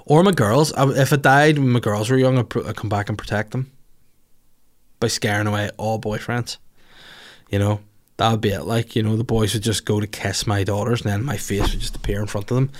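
A man's voice: lowish voice, fairly even intonation, fairly quick. A man hosts a comedy podcast in loose, rambling chat. He answers listener questions with crude, sarcastic riffs and plenty of swearing. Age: older than the others, adult.

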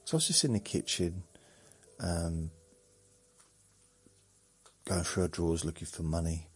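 A man's voice: low-pitched, a little slow, husky. A man hosting a sleep podcast, meandering through a rambling monologue and chuckling at himself. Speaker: podcast host.

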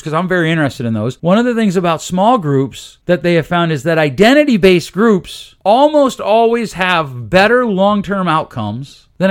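A middle-aged man hosting a podcast, talking through parenting ideas in a casual, emphatic way with self-deprecating asides. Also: fairly high pitch. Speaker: podcast host.

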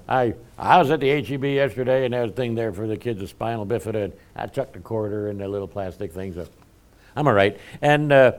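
A man's voice: on the low side, a little mellow. A middle-aged man preaching a conversational sermon in a folksy, self-deprecating way, chuckling often. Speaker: pastor.

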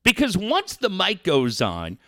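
A man's voice: high voice, huge pitch swings, a little slow, bright, forceful tone, dry recording, clean studio sound. A man hosting a talk show, ranting angrily and swearing constantly. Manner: angry, profane, ranting. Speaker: sports radio host.

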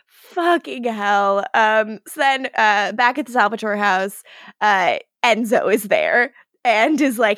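A woman's voice: mid-range voice, expressive, slow, fairly bright tone, no room sound, clean studio sound. A woman co-hosting a casual podcast, laughing often and acting out the characters' lines. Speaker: podcast co-host. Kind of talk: casual rewatch podcast chat.

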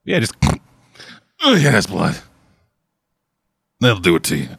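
A man's voice: deep voice, huge pitch swings, takes it slowly, vocal fry, a bit bright, slightly rough, no room sound, clean studio sound. A playful man teasing and laughing as he chats while watching a show. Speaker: co-host of a watch-along.

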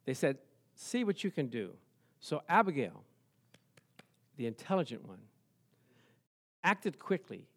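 A man with a high speaking voice preaches a sermon. He tells the story in an animated way, throwing rhetorical questions at his listeners and chuckling as he goes. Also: unhurried, long pauses. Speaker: pastor.

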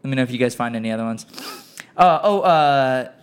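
A man's voice: mid-range voice, lively intonation, brisk, smooth. A man hosting a casual podcast chat, reading out listener questions and laughing often. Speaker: podcast host.

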